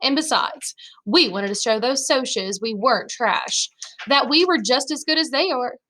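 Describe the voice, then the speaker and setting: Woman teacher reading a novel aloud, bright, somewhat high voice. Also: animated, moderate pace. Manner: first-person narration with dialogue voiced in her own voice.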